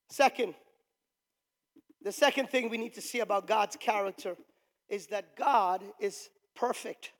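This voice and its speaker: A male pastor preaching a sermon emphatically, with shouted peaks and call-and-response with the congregation. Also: high voice, slow, long pauses. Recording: long reverb of a large hall.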